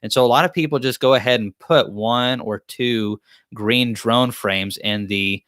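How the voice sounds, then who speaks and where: A man's voice: mid-range voice, a little slow, fairly bright tone, dry recording, studio quality. A man hosts a live-stream Q&A, reading chat questions aloud and answering them in a joking, rambling, self-deprecating way. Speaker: beekeeping channel host.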